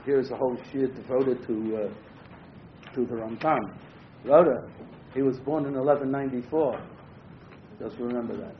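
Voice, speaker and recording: A man's voice: medium pitch, normal speed, long pauses, a little hiss or hum. A man teaching a Torah class, reading Hebrew verses aloud and translating them, with frequent hesitant fillers between phrases. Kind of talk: text-based Torah class. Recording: muffled roomy classroom recording.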